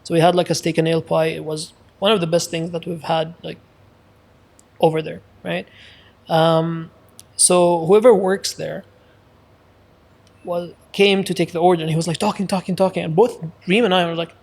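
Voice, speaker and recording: A man's voice: a little high, little pitch movement, normal speed, vocal fry, darkish tone. A man co-hosting a casual podcast, telling a story animatedly with lots of fillers. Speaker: podcast co-host. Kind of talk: casual chat.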